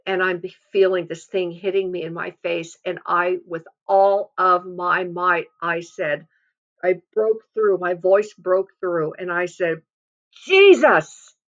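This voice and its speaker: A woman's voice: fairly low pitch, flat delivery, measured pace. A woman giving an earnest devotional testimony and exhortation, stressing her points by repeating phrases. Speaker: devotional speaker. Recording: dull lo-fi sound.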